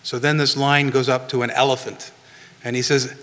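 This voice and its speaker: A man's voice: medium pitch, little pitch movement, normal speed, bright, forceful tone. A male pastor giving a sermon in a conversational way, often adding "you know" and "right?" to what he says. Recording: long reverb of a hall.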